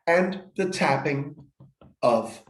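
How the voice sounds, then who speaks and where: A man's voice: a little high, expressive, very slow. A man leading a guided healing workshop, walking listeners through each step with repeated phrases and frequent restarts. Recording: echoey room.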